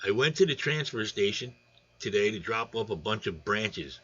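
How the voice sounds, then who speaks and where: A man's voice: lowish voice, lively intonation, moderate pace, sharp tone, breathy edge, lo-fi sound. A man hosting a casual fish livestream, rambling and joking while greeting viewers by name. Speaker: aquarium channel host. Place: home room.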